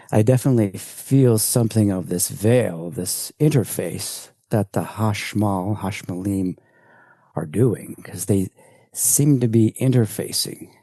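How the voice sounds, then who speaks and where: A man, an elder of a spiritual community, slowly recounts a spiritual experience in a reflective group sharing, with halting restarts. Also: deep voice, dark tone, slightly rough, dry recording. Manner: slow, searching, halting restarts.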